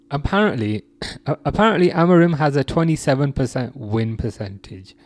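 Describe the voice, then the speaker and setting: A man's voice: mid-range voice, lively intonation, brisk, no echo. A man casually hosting a football livestream, reading viewer comments aloud and laughing often. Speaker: livestream host reading chat.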